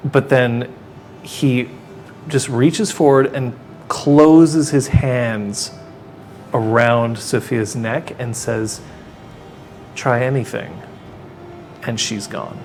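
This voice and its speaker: A man's voice: mid-range voice, steady tone, drawn-out words, a little mellow, slight background noise. A man running a tabletop role-playing game as game master, narrating casually and swearing now and then.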